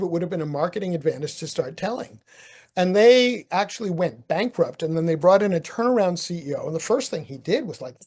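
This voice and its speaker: An older man from the United States, a marketing author, talking casually as a podcast guest and telling stories with animated chuckles. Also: a little high. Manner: animated storyteller, chuckles, restarts. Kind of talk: casual interview talk.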